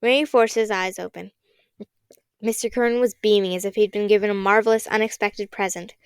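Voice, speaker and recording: A woman narrating a children's audiobook in an expressive, dramatic reading. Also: medium pitch, fairly quick, clean tone, no room sound.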